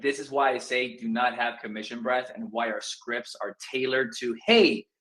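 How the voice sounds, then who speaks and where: A man coaching real estate students in a casual talk, acting out phone calls in quick asides. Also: medium pitch, pushed and bright, poor audio.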